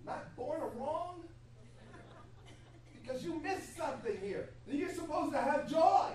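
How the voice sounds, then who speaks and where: A woman preaching a sermon in an animated, laughing way. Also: high voice, slow pace. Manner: animated, laughing, acts out God's voice. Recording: echoey hall from far off, faint hum.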